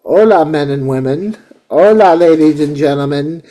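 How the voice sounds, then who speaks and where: A man voicing Tio Claus, a cheerful mustached Santa figure who greets everyone with a booming welcome in a put-on Latino accent. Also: expressive, moderate pace, dark tone, close to an everyday voice. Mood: jolly. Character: jolly mustached Mexican Santa cousin, male.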